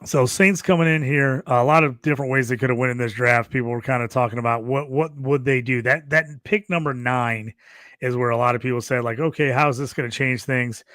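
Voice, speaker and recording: A man's voice: medium pitch, fairly quick, no room sound, clean studio sound. A man co-hosting a casual sports podcast, talking loosely and acting out quotes while he rants. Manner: animated, rants with acted-out quotes. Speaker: podcast co-host.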